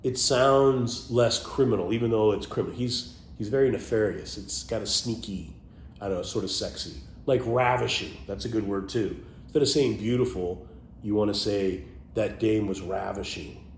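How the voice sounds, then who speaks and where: Low-voiced man musing on favorite words. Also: normal speed, echoey room, slight background noise. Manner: playful, drops into a low muttered aside. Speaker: vlogger sharing favorite words. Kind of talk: casual off-the-cuff monologue.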